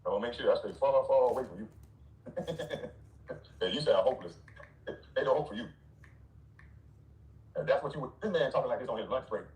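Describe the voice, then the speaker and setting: A man's voice: medium pitch, lively intonation, brisk, long pauses, darkish tone, distant mic. A man ranting in a blunt, mocking, dismissive way, with scornful laughs. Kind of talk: ranting commentary. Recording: roomy, off-mic.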